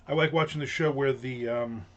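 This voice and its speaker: A man's voice: medium pitch, steady tone, moderate pace. A middle-aged man hosting his own rant segment, talking casually in a sarcastic, rambling way with many fillers and restarts. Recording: dull lo-fi sound.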